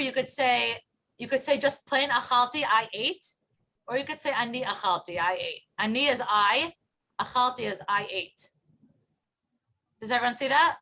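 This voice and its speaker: A woman's voice: a little high, bright, forceful tone. A woman teaching a Hebrew class over a video call, patiently drilling phrases with her students and often laughing. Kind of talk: online class instruction.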